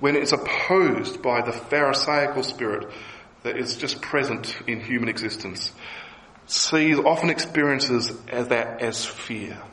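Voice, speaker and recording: A man preaching a sermon as pastor, lively and emphatic. He voices the people he quotes with a rising pitch. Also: a little slow, echoey room, low-quality recording.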